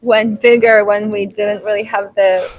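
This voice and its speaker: A woman being interviewed about her band, talking casually with many fillers and halting restarts. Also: mid-range voice, flat delivery, dry recording, highs cut off. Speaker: band singer, interview guest.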